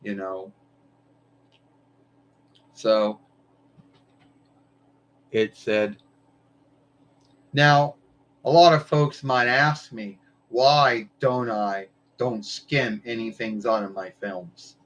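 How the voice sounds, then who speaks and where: A man's voice: lowish voice, extremely slow, long pauses, fairly bright tone, poor audio. A man hosting a live stream, talking in a loose, meandering way and swearing casually. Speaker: livestream host.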